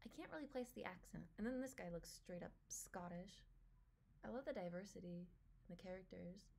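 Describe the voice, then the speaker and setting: A woman giving a casual trailer reaction, gushing with excitement and often dropping to a soft whisper. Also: lowish voice, normal speed, creaky, a little hiss or hum. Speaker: reaction video creator.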